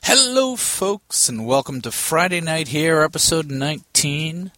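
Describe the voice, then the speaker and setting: A man's voice: a little high, a little slow, a bit bright, dry recording. A man hosting his own podcast, talking casually in a chatty, self-mocking way with rambling asides. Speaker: podcast host. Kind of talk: casual solo podcast talk.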